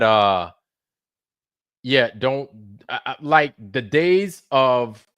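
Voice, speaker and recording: A man's voice: mid-range voice, dry recording, studio quality. Profane ranting man on a livestream. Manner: profane, repetitive, swings between muttering and shouting. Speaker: live streamer. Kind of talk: heated livestream rant.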